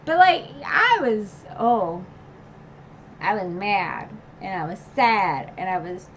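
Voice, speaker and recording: Woman, livestream book recap, rambling, filler-heavy, emotional asides, mid-pitched, dull lo-fi audio. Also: big pitch swings, takes it slowly, slight background noise. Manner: chatty, full of filler "like"; retells scenes with emotional asides and laughs. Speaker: book channel streamer.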